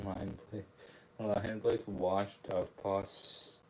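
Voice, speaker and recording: A young man reading a book aloud at a slow, unhurried pace, his voice sitting low. He often trips over words and corrects himself, then breaks off into amused asides. The feel is a casual read-along for an online channel. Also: flat delivery, darkish tone, a little hiss or hum, poor audio. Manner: stumbling, self-correcting, laughing asides.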